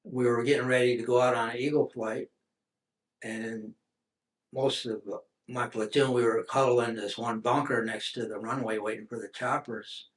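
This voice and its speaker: A man's voice: mid-range voice, fairly even intonation, normal speed. Older man recounting war memories. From United States. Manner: rambling storytelling with many restarts and fillers. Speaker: veteran interviewee. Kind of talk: oral history interview.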